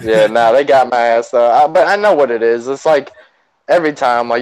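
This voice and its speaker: A man's voice: medium pitch, brisk, no room sound, rough recording. A young man co-hosting a podcast, easygoing and slangy, laughing often as he talks. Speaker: podcast co-host. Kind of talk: casual chat.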